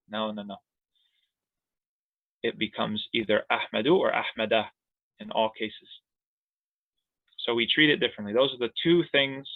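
A man's voice: medium pitch, vocal fry, no echo. Playful male grammar teacher on a tinny call. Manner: playful, jokey explanations with laughs and siren sounds. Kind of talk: online class lesson. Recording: tinny phone-like line.

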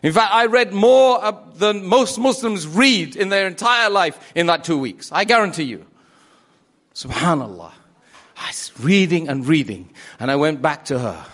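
High-voiced man telling a lively story. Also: moderate pace. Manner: animated, acts out quoted voices, repeats phrases for emphasis. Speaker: speaker telling his conversion story. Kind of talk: storytelling religious talk.

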